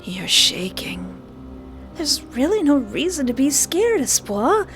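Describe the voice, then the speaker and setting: Woman doing a creepy young male captor, soft-spoken, soothing, slow, visual novel. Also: sits high, very animated, faint music behind, pitched above the performer's own voice, full character voice. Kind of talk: visual novel character voicing.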